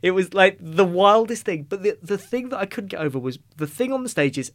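A man's voice: high voice, lively intonation, brisk, fairly bright tone. A man hosting a podcast, chatting casually and with enthusiasm as he interviews his guest. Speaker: podcast host. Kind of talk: casual chat.

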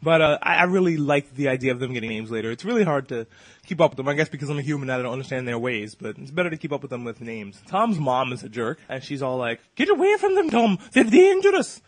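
A man hosting a casual podcast, recapping a cartoon episode in a fast, profane, joking way. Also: medium pitch, no room sound.

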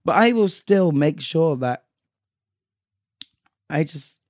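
A man's voice: a little high, lively intonation, slow, darkish tone, no echo, clean studio sound. A young man, chatting casually on a podcast in a laid-back, joking way. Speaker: podcast co-host. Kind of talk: casual chat.

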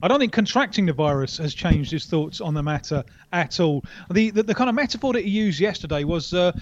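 A man reporting down a line as a football correspondent, talking in a wry, animated way with many restarts. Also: sits high, brisk, lo-fi sound. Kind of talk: radio interview.

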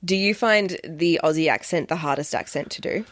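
A woman's voice: low voice, fairly quick, no echo, clean studio sound. A young woman hosting a podcast, chatting reflectively and agreeing readily with her guest. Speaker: podcast host. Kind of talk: casual podcast chat.

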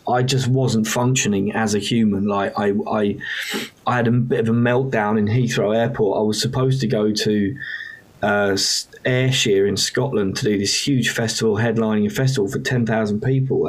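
A man's voice: lowish voice, fairly even intonation, moderate pace. A man, a musician guest, frankly recounting a hard time in an emotional, casually profane way. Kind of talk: candid storytelling.

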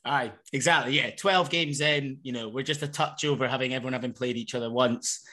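A man's voice: medium pitch, fairly quick, bright, forceful tone. Guy, medium voice, jokey and upbeat podcast host. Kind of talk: casual chat.

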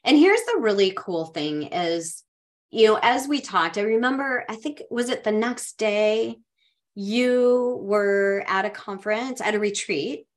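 A woman podcast co-host telling a personal story in a heartfelt, halting way, with frequent restarts. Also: mid-range voice, animated.

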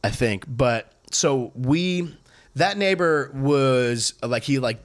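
A man's voice: medium pitch, lively intonation, slow pace. A man with an ordinary mid-range voice spins a story on a podcast. He rambles through fillers and restarts, swears freely and keeps a loose, chatty comedian's delivery. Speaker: stand-up comedian and podcast host. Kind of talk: casual storytelling chat.

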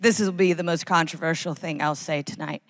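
An American woman performing a live stand-up routine in a large concert hall, wry and animated. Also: fairly quick. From United States. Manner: wry, animated, acts out characters in high voices. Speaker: stand-up comedian.

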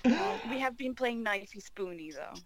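A woman's voice: on the high side, big pitch swings, normal speed, a little hiss or hum. A woman joining a podcast chat, good-humoured and easygoing. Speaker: podcast guest. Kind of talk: casual podcast banter.

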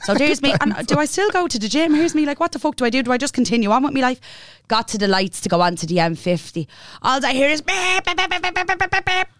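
A young Irish woman co-hosting a podcast, telling a story in a sweary, animated way and imitating the people in it. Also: sits high, fast, no room sound. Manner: sweary, animated, playful impressions of others. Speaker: podcast co-host. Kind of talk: casual storytelling chat.

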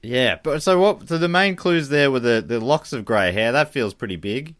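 A man's voice: medium pitch, moderate pace. A man co-hosting a casual chat, reacting eagerly and thinking aloud. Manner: animated, enthusiastic reactions. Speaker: podcast co-host.

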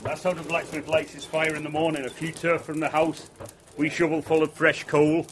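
A man's voice: on the high side, flat delivery, normal speed, noisy background. A man with a Manchester accent telling a folk tale and guiding visitors through a blacksmith forge, in chatty narration. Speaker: storyteller and forge guide. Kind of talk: oral folk storytelling.

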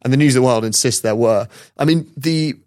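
A man hosts a podcast and tells a story in a loose, chatty way, often breaking into laughter. His voice sits at a middle pitch. It is recorded close and dry, with no room sound. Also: fairly quick, a little mellow, dry recording. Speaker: podcast host. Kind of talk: casual chat.

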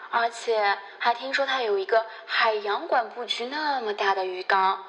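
Slightly high-voiced woman narrating. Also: normal speed, a bit bright.

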